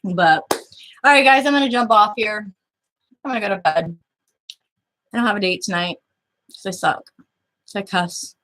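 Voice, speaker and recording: A woman's voice: mid-range voice, moderate pace, long pauses, a bit bright. A woman vlogger casually retelling a chat to her viewers, blunt, crude and sarcastic. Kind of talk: casual storytelling to camera.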